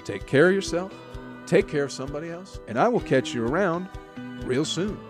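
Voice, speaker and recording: A man's voice: a little high, lively intonation, moderate pace, music in the background. A man around forty, hosting a solo comedy podcast and rambling crudely with profane, sarcastic asides. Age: 40s.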